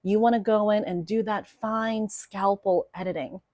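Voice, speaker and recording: A young woman talking casually to camera as a writing coach, telling a story in a chatty, animated way with plenty of fillers. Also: medium pitch, moderate pace, no room sound, clean studio sound.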